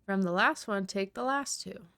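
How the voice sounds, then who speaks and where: A woman's voice: medium pitch, normal speed, a bit bright, dry recording. A woman playing a game, chatting casually as she reads its text aloud, laughing and correcting herself as she goes. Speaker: game streamer.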